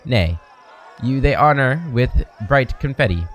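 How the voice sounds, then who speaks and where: A man's voice: mid-range voice, animated, measured pace, fairly bright tone. A man voicing a timid male court jester who pleads in stumbling old-style verse. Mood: pleading.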